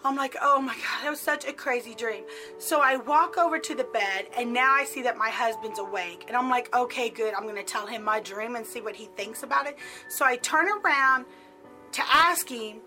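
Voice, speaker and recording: Bright-voiced middle-aged woman telling a story. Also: a little high, normal speed, faint music behind, poor audio. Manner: chatty, peppered with "like". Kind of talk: casual personal storytelling.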